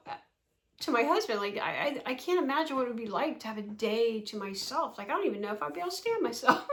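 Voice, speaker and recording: A woman in her sixties chats to camera in a small room at home, her voice sitting a little high. She rambles from thought to thought and laughs often as she talks. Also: lively intonation, quick pace, a bit bright. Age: 60s. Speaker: vlogger. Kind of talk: casual chat to camera.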